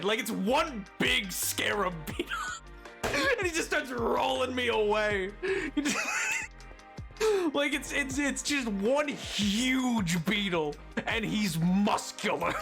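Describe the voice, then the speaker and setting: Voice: medium pitch, sing-song, slow, gravelly, over music. A streamer on a live gaming stream, loopy and giddy, laughing hard through nearly every sentence.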